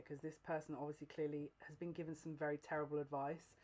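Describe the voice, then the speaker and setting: A woman's voice: low voice, little pitch movement, darkish tone, muffled recording, slight background noise. Giggling woman giving a psychic reading. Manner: keeps breaking into giggles, halting restarts; earnest, confiding, direct address to viewer. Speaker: psychic reader. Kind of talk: casual tarot-style general reading to camera.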